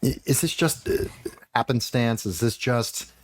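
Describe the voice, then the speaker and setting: A man hosting a fantasy football podcast, talking in animated, rambling casual chat with the odd swear. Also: medium pitch, a little slow.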